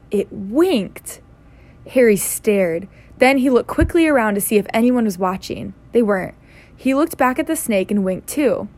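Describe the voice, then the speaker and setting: A woman reading a novel aloud in an easygoing, unpolished way. She trips over words now and then and goes back to fix them, keeping it relaxed. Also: medium pitch. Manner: stumbles and laughs at her slips. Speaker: reader.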